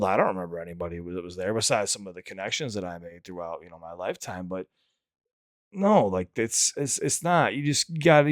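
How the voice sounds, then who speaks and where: Guy doing a reaction vid, low-ish smooth voice, rambly and candid, swears a lot. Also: no room sound, clean studio sound. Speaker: reaction channel host and rapper. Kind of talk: casual commentary.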